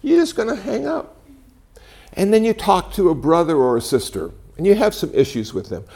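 Older guy in his 60s giving a talk, gravelly voice, bouncy up and down delivery, dry jokes. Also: sits high, moderate pace. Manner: animated storytelling with wry humor. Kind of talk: conversational talk to a live audience. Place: talk venue before an audience.

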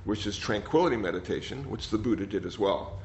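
An older man, a meditation teacher, giving a gentle, rambling dharma talk that often repeats words. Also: fairly low pitch, expressive, fairly quick. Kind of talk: dharma talk with audience questions. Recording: slightly dull sound, faint noise.

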